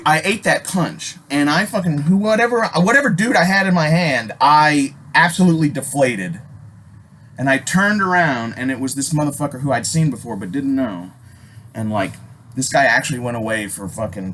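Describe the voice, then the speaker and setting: A middle-aged man from Alaska telling a story casually, swearing constantly and jumping loudly when he acts out what people said. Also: medium pitch. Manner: animated, swears constantly, acts out quotes with loud jumps.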